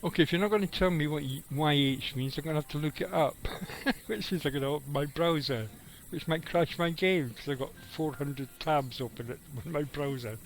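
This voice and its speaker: A man's voice: fairly high pitch, moderate pace, vocal fry, slight background noise, low-quality recording. A middle-aged man, giving rambling, casual live commentary on his game and chatting with viewers, swearing now and then. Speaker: game streamer.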